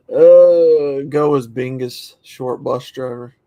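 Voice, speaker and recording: A young man talks slowly and loosely, his voice gravelly with fry. He sounds noncommittal and laid-back, and he chuckles now and then. The sound is dry and close. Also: medium pitch, darkish tone, dry recording, lo-fi sound. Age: young adult. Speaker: guest. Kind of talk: casual chat.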